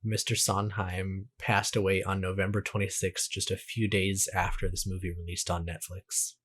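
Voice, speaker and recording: On a laid-back movie review podcast, this male co-host reads trivia with hesitation and keeps starting his sentences over. His voice is low and a bit bright with little pitch movement, at a moderate pace, and there's slight background noise.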